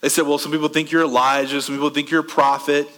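Man, pastor preaching, bright tone, conversational, rhetorical questions, hall reverb. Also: fairly high pitch, flat delivery. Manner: conversational preaching with rhetorical questions, swings from fast to slow and soft. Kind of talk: sermon.

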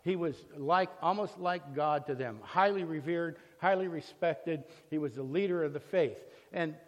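A man's voice: a little high, normal speed. A man giving a conversational Bible lesson, telling the story with frequent fillers and restarts. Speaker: Bible teacher. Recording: long reverb, echoey hall.

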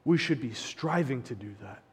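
A man preaching a sermon, impassioned, swinging between hushed reflection and emphatic points, with sarcastic asides. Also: mid-range voice, lively intonation, moderate pace, slightly rough. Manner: sarcastic paraphrasing of opponents. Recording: long hall reverb.

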